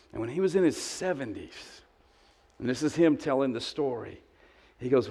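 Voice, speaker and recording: A man's voice: medium pitch, lively intonation, normal speed, mellow. A man in his fifties preaching a sermon, telling a story in a snarky, conversational way and acting out the voices of the people in it. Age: 50s. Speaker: pastor.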